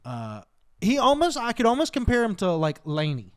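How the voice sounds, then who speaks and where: A man co-hosts a relaxed podcast and talks about music with real enthusiasm. His voice is clear and smooth and sits a little high for a man. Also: moderate pace. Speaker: podcast co-host. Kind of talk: casual chat.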